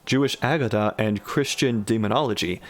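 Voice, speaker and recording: A man giving a deadpan comic reading of an absurd story and breaking in with wry asides. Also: lowish voice, fairly quick. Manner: dry, wry commentary. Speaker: reader of a generated story.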